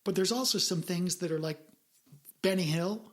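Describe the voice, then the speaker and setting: A woman co-hosting a casual podcast, talking in an earnest, reflective way as she works through her ideas out loud. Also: fairly low pitch, normal speed. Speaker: podcast co-host.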